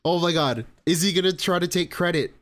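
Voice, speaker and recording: A man's voice: sits high, a little fast, fairly bright tone. A man ranting live as a reaction streamer, sarcastic and profane, mocking what he watches.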